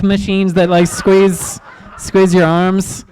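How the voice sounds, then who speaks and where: High-voiced awkward stand-up comedian man. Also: expressive, poor audio. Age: 30s. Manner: awkward, self-deprecating, halting with ums and restarts. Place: comedy club stage.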